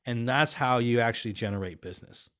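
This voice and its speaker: A man as an interview guest, telling business stories in a chatty, animated way with many fillers and restarts. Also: medium pitch, brisk. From half Swiss, half Filipino family. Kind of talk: casual interview talk.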